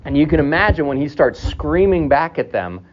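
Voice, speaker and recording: A man preaching an expository sermon as pastor, animated, chuckling now and then as he explains a passage. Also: fairly high pitch, moderate pace, muffled recording. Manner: animated, acts out scripture dialogue in raised voices.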